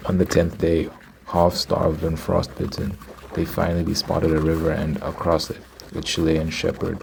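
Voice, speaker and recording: A man's voice: a bass voice, completely flat delivery, normal speed, creaky, noisy background. A man doing whispered ASMR storytelling, reading a story aloud and stopping to react to it. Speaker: ASMR creator.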